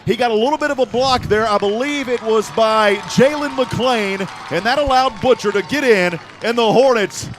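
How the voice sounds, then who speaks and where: A man calling a live high school football game play by play, shouting excitedly at big plays. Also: a little hiss or hum. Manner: excited shouting calls, fast and rising. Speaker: play-by-play announcer. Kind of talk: live sports commentary.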